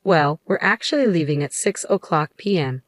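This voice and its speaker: A scheming older mother-in-law with a gloating, mocking way of speaking, as a woman reads her lines. The voice sits low and sounds dry and close, with no room around it. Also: expressive, moderate pace, dry recording.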